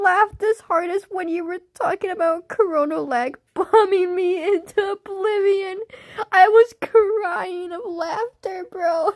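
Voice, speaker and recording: A woman's voice: extremely high pitch, fairly even intonation, slow pace, no echo, studio quality. A young woman chatting on a livestream, laughing constantly in a giggly, silly way. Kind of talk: casual livestream chat.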